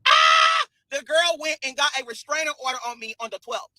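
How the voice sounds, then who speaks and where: A man's voice: extremely high pitch, fast talker, pushed and bright, no room sound, poor audio. A man ranting on a livestream in a sassy, scolding way, repeating himself. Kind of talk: livestream rant.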